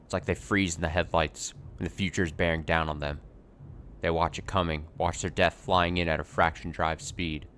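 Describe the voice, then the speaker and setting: A man voicing a smug, treacherous young male character from a story game, taunting his former coworker in a low voice. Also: steady tone, moderate pace, a bit bright, slight background noise.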